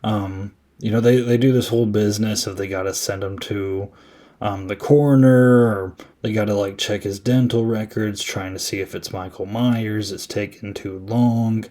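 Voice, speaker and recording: A man's voice: on the low side, fairly even intonation, moderate pace, dark tone. A young man hosting a podcast, casually recapping a horror film in a rambling, amused way that corrects itself as he goes. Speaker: podcast host. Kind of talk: casual movie review recap.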